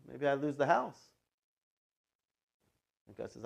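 A male pastor preaching a sermon in a relaxed, conversational way, dropping into quick quoted asides. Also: high voice, gravelly, slightly rough. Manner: conversational, plays God and a child in quoted asides.

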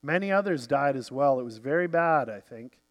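A man's voice: medium pitch, lively intonation, normal speed, lightly acted. A man doing an earnest Viking with a lilt. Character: earnest, simple-hearted Viking man, devout.

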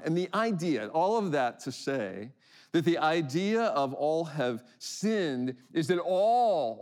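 Man, pastor, sermon, conversational, restarts, slow emphatic readings, questions to the room. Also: mid-range voice. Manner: rhetorical questions to the congregation.

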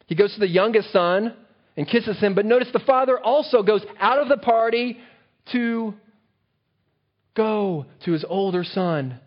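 Male pastor preaching, kinda high voice, keeps asking the crowd questions, muffled lo-fi sound. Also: measured pace. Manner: engaging, asks the listeners rhetorical questions. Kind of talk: sermon. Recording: dull lo-fi sermon recording.

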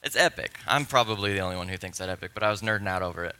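A man pastor preaching a sermon in a church, playful and excitable, with nerdy enthusiasm. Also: low voice, very fast, smooth. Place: church sanctuary.

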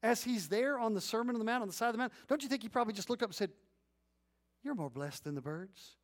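In this clip, a middle-aged male pastor with a strikingly high voice is giving a lively sermon, dramatizing little scenes as he tells stories. Then his pace eases as he leads the congregation in reading aloud together, responsive-reading style.

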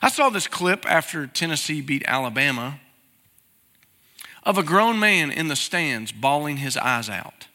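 A man's voice: on the high side, expressive, unhurried, pushed and bright, big-room sound. A man, preaching a sermon as pastor and talking to the congregation with plain questions. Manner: conversational, asks the congregation questions.

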